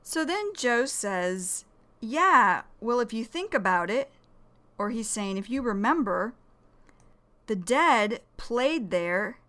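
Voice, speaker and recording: A woman teaching English vocabulary, explaining each word slowly and carefully. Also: on the high side, lively intonation, a bit bright. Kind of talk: vocabulary lesson.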